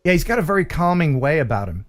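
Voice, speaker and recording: A man's voice: a little high, sing-song, quick pace. A man hosting a casual live stream, joking and rambling with his co-hosts. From United States. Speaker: livestream host.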